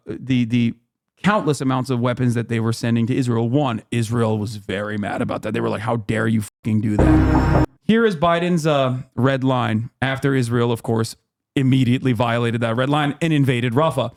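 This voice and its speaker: A man's voice: mid-range voice, normal speed. A man in his thirties hosting a livestream, explaining at length in a heated, profane way, full of fillers and restarts. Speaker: streamer host.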